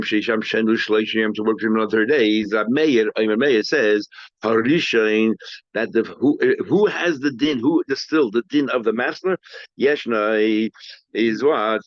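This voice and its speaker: A man's voice: on the low side, moderate pace, no echo. A man teaching a class as a rabbi, explaining a text with frequent restarts and repeated words, recorded dry and dull.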